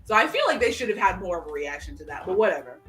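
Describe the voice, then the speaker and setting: A young adult woman in casual chat, retelling a show's plot in an animated way and acting out characters' lines in quick voices. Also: on the low side, faint music behind. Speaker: podcast co-host.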